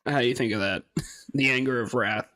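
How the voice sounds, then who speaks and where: A man's voice: medium pitch, fairly quick, fairly bright tone, dry recording, studio quality. A man casually talking through a game, hesitant and rambling, laughing often and swearing now and then. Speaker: gaming streamer. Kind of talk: casual gameplay commentary.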